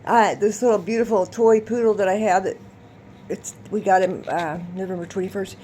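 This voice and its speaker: A woman vlogging, telling a rambling, animated story and laughing often as she talks. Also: mid-range voice, moderate pace, slight background noise. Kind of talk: casual storytelling to camera.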